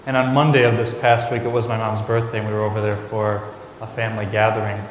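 Male priest, homily, conversational storyteller; low voice, distant mic in a roomy church with ambient noise. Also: level tone, fast. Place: large church. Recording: echoey church recorded from afar.

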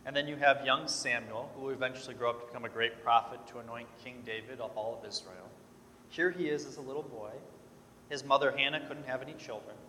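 A man's voice: mid-range voice, bright, forceful tone, a little hiss or hum. Man preaching in an echoey church. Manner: storytelling, acts out quoted voices, conversational. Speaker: Catholic priest. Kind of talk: sermon. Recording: echoey church hall with long reverb.

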